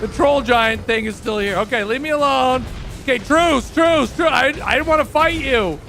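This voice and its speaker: A man streaming a video game, chatting through his play and bursting into panicked yelps and shouts. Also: very high voice, normal speed, creaky, faint music behind. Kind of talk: live gameplay commentary.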